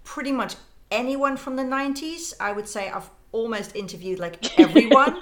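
A woman guest in a casual chat, telling lively anecdotes and acting out quotes. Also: a little high, moderate pace. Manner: animated anecdotes with playful put-on quotes.

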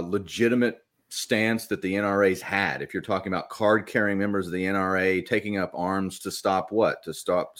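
A middle-aged man co-hosting a political podcast, giving measured, opinionated takes with frequent hesitations. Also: sits low. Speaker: podcast co-host. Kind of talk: casual political podcast chat.

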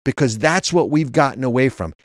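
A man's voice: mid-range voice, animated, brisk, no room sound, studio quality. A man co-hosting a political talk show, arguing emphatically and reading legal text aloud. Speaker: co-host.

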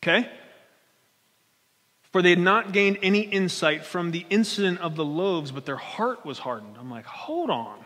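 A male pastor with a high voice delivers an animated, conversational sermon, stumbling over and restarting his phrases as he goes. His words ring out with the long reverb of a large hall. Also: moderate pace, pauses often.

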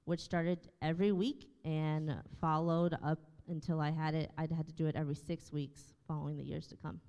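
A woman's voice: low voice, a little mellow, clean tone, in a large hall. A woman in her thirties, a church staff member, telling her testimony in an interview with earnest storytelling and many fillers. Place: church room.

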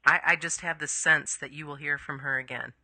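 A woman's voice: low voice, steady tone, brisk, bright, forceful tone, no echo. A woman interview host giving brief, encouraging affirmations to her guest. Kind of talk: listening and responding in an interview.

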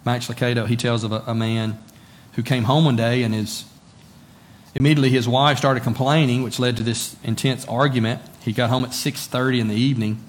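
A pastor preaches in a conversational style, tossing rhetorical questions at his listeners and repeating words for emphasis. His mid-range voice is steady and brisk, with a little background noise.

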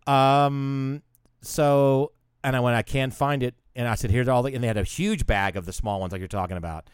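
A man's voice: medium pitch, moderate pace, smooth, dry recording, studio quality. A man co-hosting a podcast, telling a long rambling story and acting out the other people in it, with some swearing. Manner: rambling storyteller, swears, acts out quoted voices. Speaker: podcast co-host. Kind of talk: casual chat.

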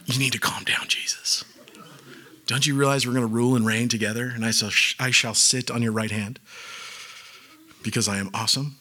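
A man's voice: medium pitch, fairly even intonation, fairly quick, bright, forceful tone, pitched below the performer's own voice. A man doing a brash, cocky apostle. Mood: smug. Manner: pushy, dismissive, cocky. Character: brash, loud, overconfident male apostle.

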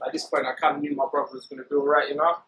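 A man's voice: on the high side, flat delivery, very fast, a bit bright, slight background noise, low-quality recording. A young man with a London accent walking outdoors around a housing estate, casually pointing out places as he tells what happened. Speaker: documentary subject. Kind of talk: walking tour narration.

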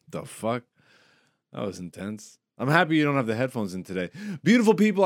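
A man hosting a casual comedy podcast, laughing, swearing and joking, high and relaxed. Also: dry recording, studio quality. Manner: animated, swearing, laughing a lot. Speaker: podcast host.

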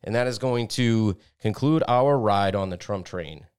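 A man's voice: on the low side, measured pace, a little mellow, clear, resonant tone. A man co-hosting a podcast, reading news articles aloud with blunt, profane asides and stumbling over a few words as he reads. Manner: blunt, profane asides between read passages. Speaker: podcast co-host.

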